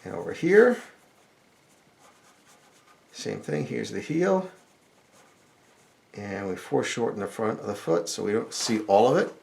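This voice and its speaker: A middle-aged man talks through a drawing lesson step by step, explaining as he sketches. His voice has a gravelly edge, and his pitch moves in a lively, animated way. Soft pencil and marker scratching runs underneath. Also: measured pace, long pauses. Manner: relaxed explanatory, thinking aloud while sketching. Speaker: drawing instructor.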